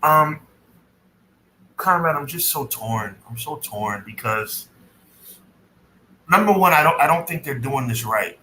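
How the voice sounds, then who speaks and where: A man co-hosting a podcast in loose, casual chat, lively and bright, with a slightly higher voice. He leans hard on his words and often slows right down for emphasis. It is recorded in an echoey room with a faint hiss behind him. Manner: emphatic, stretches words out for effect. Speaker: podcast co-host.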